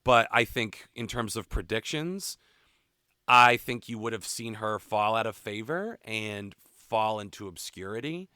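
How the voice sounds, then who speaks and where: A man's voice: fairly low pitch, unhurried, smooth, no room sound, studio quality. A man co-hosting a music podcast in casual chat, talking candidly with frequent profanity. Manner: candid, profane, animated opinions. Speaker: podcast co-host.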